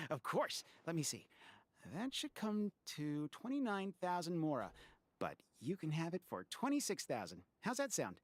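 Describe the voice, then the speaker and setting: A man's voice: fairly high pitch, wildly swooping pitch, measured pace, no echo, exaggerated voice. A man voicing a polite, friendly male market vendor in a video game. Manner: polite, accommodating.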